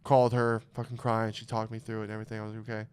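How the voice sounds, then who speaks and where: A young man with a smooth, resonant voice tells raw, heartfelt stories on a casual podcast. He swears constantly and talks in an open, emotional way. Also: fairly low pitch, completely flat delivery, rapid-fire, darkish tone. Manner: emotional storytelling, heavy swearing. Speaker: podcast host.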